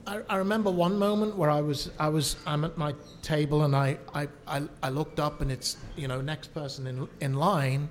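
A man, a guest horror actor, chatting casually and telling convention stories in a halting way, searching for his words, on a live podcast in a coffee shop. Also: on the high side, steady tone, a little hiss or hum. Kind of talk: casual chat.

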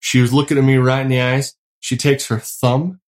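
Casual co-host: middle-aged man, easygoing storyteller, laughs a lot, mid-pitched voice. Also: little pitch movement, moderate pace. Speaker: podcast co-host. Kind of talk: casual chat.

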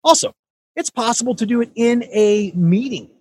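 A man's voice: normal speed, slightly rough, no room sound. A man hosting a podcast, giving an emphatic, coaching monologue straight to the listener. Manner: energetic with big swings in pitch. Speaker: podcast host.

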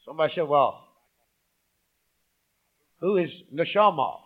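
Male preacher, high and very lively voice, calling out to the congregation, dull lo-fi recording. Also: a little slow, breathy edge. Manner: call-and-response preaching, swinging from loud emphasis to hushed asides. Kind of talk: sermon.

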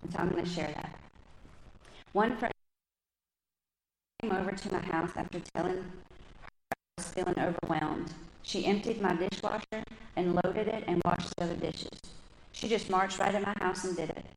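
A woman with a low voice and a gravelly edge gives a lively, conversational testimony at a women's church gathering. She tells her stories chattily to a live audience. The sound is roomy and echoey, with a faint hum behind her. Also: moderate pace, long pauses. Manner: lively, chatty storytelling, talks with her hands. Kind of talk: personal testimony and scripture teaching. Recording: echoey room with faint background noise.

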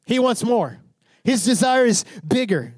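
High-voiced man preaching a sermon. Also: sing-song, a little slow, darkish tone, dry recording. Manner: preaching with rising fervor, questions to the congregation. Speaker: pastor.

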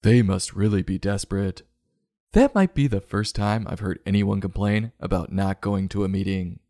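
A man hosting a sarcastic comedy book review, mocking the story and breaking into loud silly voices. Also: low-pitched, normal speed, no room sound, clean studio sound. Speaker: podcast host.

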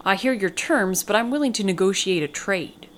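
A woman reading the lines of a proud, steady male merchant ship captain who speaks formally and politely. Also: medium pitch, moderate pace, slight background noise, close to an everyday voice. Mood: firm.

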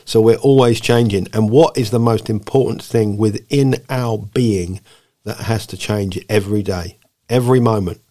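A man's voice: on the low side, moderate pace, dark tone. A man co-hosting a casual faith podcast, mixing preachy talk with jokes. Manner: playful, preachy, breaks into jokey voices. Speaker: podcast co-host.

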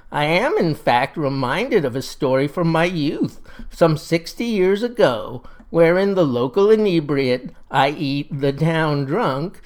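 A grandiloquent old Mississippi farmer, as a man puts him on, talking. He lays out his views in mock-genteel, rambling sentences, in the manner of a satirical comic monologue. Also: fairly high pitch. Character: folksy older male Mississippi farmer, pompous crank.

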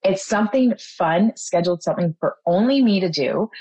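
A woman's voice: mid-range voice, expressive, moderate pace, mellow, husky, no room sound, rough recording. A mother speaking as an interview guest, sharing her story in a heartfelt, openly emotional way. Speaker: mother and program participant, guest. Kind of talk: personal testimonial in an interview.

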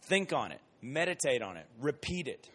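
A man gives a casual, conversational Bible lesson, moving between lively everyday examples and slow, emphatic repetition. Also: medium pitch, breathy edge. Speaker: Bible teacher. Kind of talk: casual sermon.

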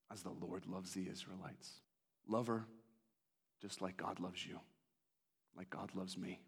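A man voicing God as a gentle father. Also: sits low, voice pushed down. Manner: soft, slow and gentle. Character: God, a tender, grieving, loving father.

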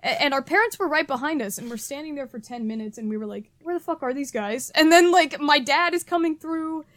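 A young woman co-hosting a podcast, telling a story in casual chat, animated and laughing, acting out her family's lines. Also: sits high, brisk. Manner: animated, acts out family quotes, laughs often. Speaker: podcast co-host.

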